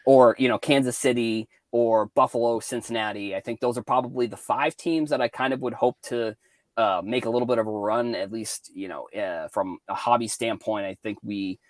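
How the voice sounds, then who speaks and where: A man's voice: medium pitch, moderate pace, dry recording. A man from Cape Cod with a light Boston accent, chatting casually about sports and collecting as a podcast co-host, rambling with many restarts. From Cape Cod, Massachusetts. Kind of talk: casual sports and hobby chat.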